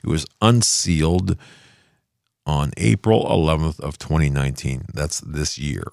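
Older male commentary host, deep and gravelly, casual rambling delivery, dry home-studio sound. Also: a little slow, a little mellow, dry recording. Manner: rambling, loses his thread and restarts.

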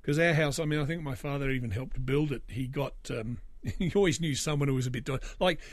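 A man's voice: mid-range voice, fairly quick, no echo, studio quality. An Australian man in his forties telling a personal story, rambling with fillers and restarts and dropping wry asides. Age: 40s. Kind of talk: casual storytelling.

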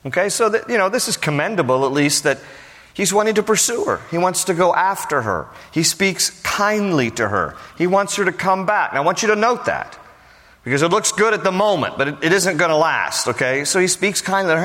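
A man's voice: high-pitched, expressive, fairly quick, a bit bright. An older man giving a casual, joking verse-by-verse sermon, explaining the text in everyday slang. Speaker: pastor. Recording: long reverb of a hall.

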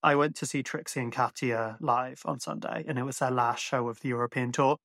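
A man's voice: medium pitch, fairly even intonation, fairly quick, gravelly, a bit bright, dry recording, studio quality. A man from Ireland with a mixed Irish accent, hosting a podcast and chatting casually with lots of fillers. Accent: Irish, mixed and hard to place. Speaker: podcast host. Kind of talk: casual chat.

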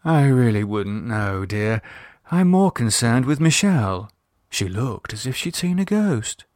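A man's voice: mid-range voice, big pitch swings, measured pace, darkish tone, dry recording, studio quality. A man voicing a refined older English lady who speaks languidly and genteelly. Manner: languid and genteel, calls people dear.

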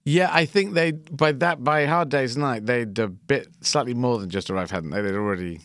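A man's voice: medium pitch, moderate pace, a bit bright, no room sound, studio quality. A man in his fifties with an English accent, a guest chatting casually with many restarts and self-deprecating asides. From England. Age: 50s. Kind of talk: casual chat.

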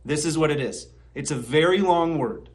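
A man's voice: on the high side, normal speed. Man enunciating a mock lesson. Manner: mock-instructional, over-enunciated. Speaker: comedy sketch presenter.

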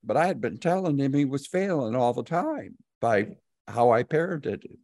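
A man's voice: medium pitch, big pitch swings, normal speed, darkish tone, no echo, studio quality. A man hosting a podcast, talking reflectively about his own parenting. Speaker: podcast host. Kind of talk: casual podcast conversation.

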